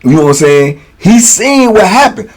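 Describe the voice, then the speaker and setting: A man's voice: sits high, sing-song, moderate pace, rough recording. A man casually telling a prison story, laid-back and slangy, breaking into laughs. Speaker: storyteller, host.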